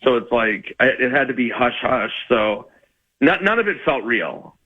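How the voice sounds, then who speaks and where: A man's voice: medium pitch, big pitch swings, dry recording. Guy comedian rambling thru a funny story on the radio, laughs at himself, kinda muffled. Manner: rambling, self-mocking, with quick laughs. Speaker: comedian guest. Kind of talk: casual storytelling on a radio show.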